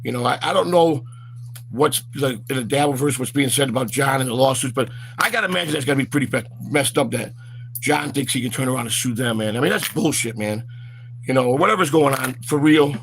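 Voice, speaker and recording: A man's voice: mid-range voice, a little fast, creaky, a bit bright, a little hiss or hum. A man hosting a walk-and-talk vlog outdoors, rambling with lots of fillers and stammered repeats, recorded on a handheld phone. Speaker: vlog host.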